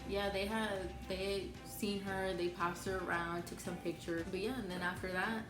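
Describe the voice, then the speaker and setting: A young adult woman chatting in a relaxed way, filling her casual storytelling with "like" and "you know". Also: mid-range voice, normal speed. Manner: relaxed, chatty, many fillers. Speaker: vlogger telling her birth story. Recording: echoey room with clear background music.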